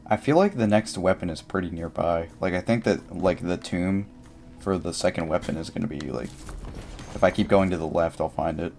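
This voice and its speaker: A young man talks through his gameplay in a loose, rambling way, leaning on filler words as he thinks aloud. His voice sits very low. Faint game music plays quietly behind him. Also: moderate pace, vocal fry. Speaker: livestreamer. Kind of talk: casual gameplay commentary.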